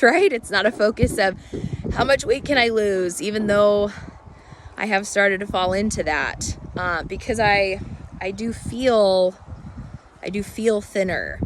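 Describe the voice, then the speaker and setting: A woman speaking hoarsely from a cold, talking candidly and haltingly in an unedited personal vlog. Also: medium pitch, background noise. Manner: rambling, halting, candid and reflective. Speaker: vlogger.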